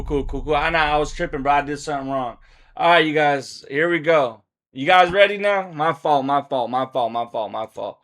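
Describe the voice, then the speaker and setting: A man hosting a casual livestream, talking loud with slangy, joking banter into a desk microphone. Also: a little high. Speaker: livestream host. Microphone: desk microphone being adjusted.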